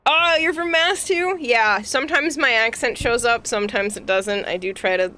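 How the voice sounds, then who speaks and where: Giggly bright-voiced woman with a Boston accent. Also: on the high side, moderate pace. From Massachusetts, USA. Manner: giggly, chatty, reads and answers chat. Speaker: VTuber streamer. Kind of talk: casual livestream chat.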